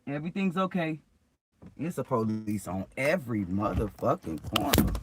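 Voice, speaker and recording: A man's voice: mid-range voice, very animated, moderate pace, background noise. A man ranting in a preachy, profane way on a live video, recorded on his phone outdoors on a street. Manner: preachy, profane, agitated rant. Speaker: vlogger.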